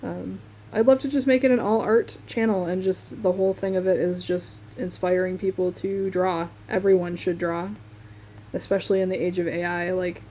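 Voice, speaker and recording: Drawing on stream, the young Michigan woman talks and laughs easily in her Midwestern American accent. Her pitch is fairly low and barely moves, her speed is normal, and her tone is mellow over slight background noise.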